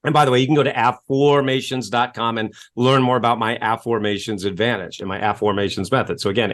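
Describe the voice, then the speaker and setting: A man who works as a self-help coach, telling stories as a guest in an interview with a salesy, animated manner, acting out quotes and spelling words letter by letter. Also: mid-range voice, quick pace, few pauses. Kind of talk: enthusiastic storytelling interview talk.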